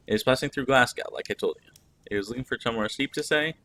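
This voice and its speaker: A man reading the lines of a friendly middle-aged Greek cook in a narrative game, in a relaxed, matter-of-fact way. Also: medium pitch, fast, vocal fry, slight background noise. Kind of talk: reading game dialogue aloud.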